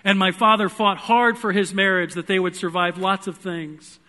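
This preacher has a high, bright voice and gives an earnest church sermon built around a personal story. He climbs into loud pleading, then sinks to hushed, quiet moments, with little pitch movement and a normal pace.

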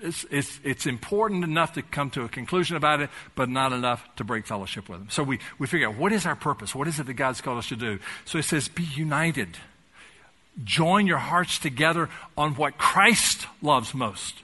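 A man's voice: mid-range voice, animated, a little fast, pushed and bright, husky. A man preaching a sermon as pastor, talking in a conversational, folksy way with touches of humor and building to fervent emphasis.

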